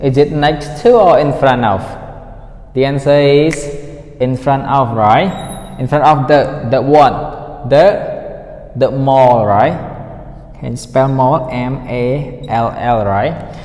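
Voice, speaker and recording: A man's voice: mid-range voice, slow pace, a little mellow. A male English teacher running a listening lesson, repeating words to drill pronunciation and checking in with "right?" after each point. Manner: asks the class frequent "right?" checks. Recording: echoey room with long reverb.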